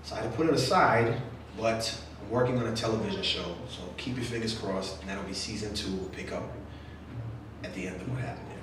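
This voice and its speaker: On the low side and fairly quick, a man, an author, talks with young readers at a literary center event, answering questions, joking and acting out quotes. The distant recording has a very echoey room sound and faint noise.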